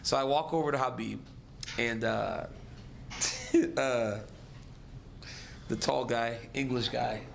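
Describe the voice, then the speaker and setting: Man, fighter, casual storytelling, animated, acts out the other voices, faint hum behind. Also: medium pitch, takes it slowly, gravelly, long pauses.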